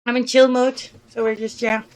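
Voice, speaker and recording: A woman's voice: a little high, flat delivery, moderate pace. A sleepy woman streamer chatting casually with her live chat, giggling often and cooing to her pet. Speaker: Twitch streamer.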